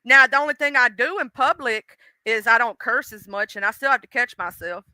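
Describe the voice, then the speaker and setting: Woman, high bright voice, smooth and clear, casual stream chat, animated, dry close mic. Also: brisk, no echo. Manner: animated, chatty, drawls and curses casually. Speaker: live streamer.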